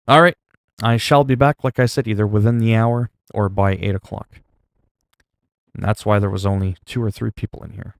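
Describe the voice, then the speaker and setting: A man talking to his viewers at a home streaming desk, rambling from topic to topic with plenty of ums and little self-digs. His voice sits on the low side, and the sound is dry and close with almost no room echo. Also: creaky. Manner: rambling, chatty, self-mocking, many fillers. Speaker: livestreamer. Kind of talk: casual livestream chat.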